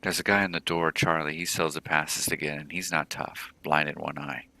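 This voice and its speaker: A man's voice: a bass voice, steady tone, moderate pace, creaky, bright, forceful tone, full character voice. A man reading a frightened cyberpunk mother. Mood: wary. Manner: reads game dialogue aloud plainly. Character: frightened middle-aged mother in a cyberpunk slum.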